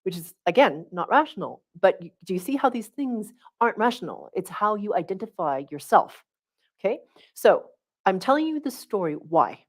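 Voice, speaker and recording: A middle-aged woman hosts a livestream and teaches in a casual, conversational way. She talks with animated energy and keeps checking in with her listeners as she goes. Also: mid-range voice, moderate pace. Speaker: spiritual coach hosting a livestream.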